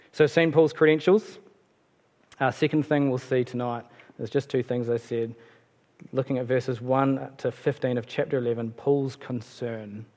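A man preaching a sermon in a relaxed, conversational way, with fillers and self-corrections. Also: medium pitch. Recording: long hall reverb.

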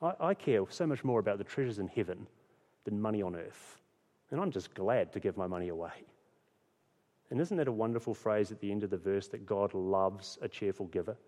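A man's voice: on the low side, animated, fairly quick, dark tone. A man preaching a sermon as pastor, earnest and repeating key phrases for emphasis. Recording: long hall reverb.

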